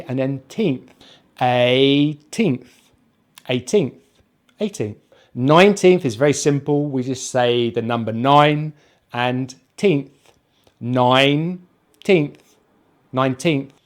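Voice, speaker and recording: British male teacher, careful repeat-after-me delivery, mid-pitched voice, clear articulation. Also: darkish tone. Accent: British English. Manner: slow, careful, repeats words for drilling; counts on his hands as he talks. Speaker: pronunciation teacher. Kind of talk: pronunciation lesson.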